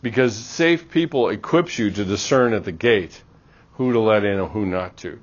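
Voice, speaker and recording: Man, middle-aged, university lecturer; animated, plays out dialogues; lo-fi classroom recording. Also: on the low side, moderate pace. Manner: animated, acts out little dialogues.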